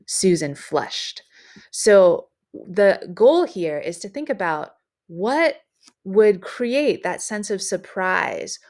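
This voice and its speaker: Woman teacher, lower voice, measured and explanatory, with frequent fillers. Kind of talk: recorded writing lesson.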